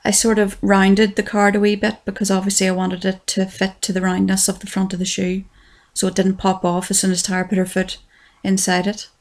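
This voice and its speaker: An Irish craft tutorial creator narrates a project in a relaxed, chatty voice-over, often saying "wee" and poking fun at herself. Her mid-range voice has a gravelly fry and a level tone with little rise and fall, and she talks a little fast with hardly any pauses.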